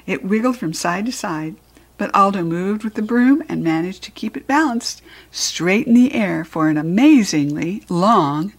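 A woman reading a children's storybook aloud in a gentle, expressive way. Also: medium pitch. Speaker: narrator.

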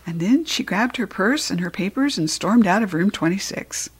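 A woman narrating a children's storybook in the first person with an expressive read-aloud delivery. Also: medium pitch, moderate pace, husky. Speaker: storybook reader.

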